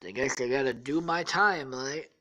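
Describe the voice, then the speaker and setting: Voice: mid-range voice, moderate pace, pushed and bright. Someone doing a weary, resigned young man.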